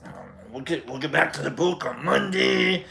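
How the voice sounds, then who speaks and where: A man's voice: on the high side, lively intonation, moderate pace, gravelly, noisy background. A man hosting a livestream who tells a rambling, casual story, swearing freely and restarting his sentences often. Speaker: livestream host.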